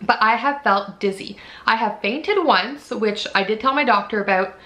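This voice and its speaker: A woman's voice: on the high side, normal speed, bright, forceful tone. A woman in her thirties giving a candid, chatty pregnancy update from home, filmed on her own camera. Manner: chatty and candid, frequent "like" and "you know". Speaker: vlogger. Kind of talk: casual pregnancy update vlog. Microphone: camera mic.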